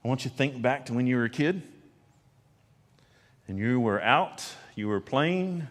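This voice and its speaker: A man preaching a sermon as pastor, swinging between loud emphasis and hushed, low lines. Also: animated, moderate pace, in a large hall. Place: church sanctuary.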